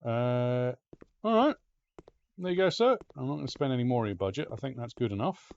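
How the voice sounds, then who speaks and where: A man giving let's-play gameplay commentary as a streamer, excitable, swearing and talking to the game's pets. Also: mid-range voice, a little fast, gravelly, muffled recording.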